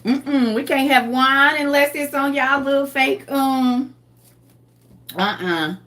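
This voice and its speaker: A woman's voice: sits high, slow, a bit bright. A woman hosting a live group chat, talking casually in a playful, teasing way and laughing often. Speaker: host of a live reading group.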